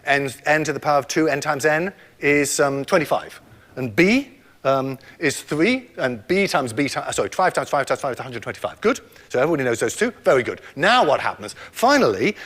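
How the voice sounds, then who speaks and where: A man's voice: a little high, a bit bright. An older man giving a public lecture, explaining math step by step in a playful way and quizzing his audience.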